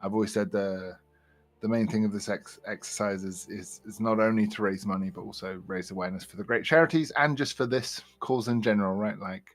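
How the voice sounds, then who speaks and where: A man's voice: lowish voice, steady tone, brisk. A man hosting a casual charity stream panel, tired after a long event and rambling with many restarts.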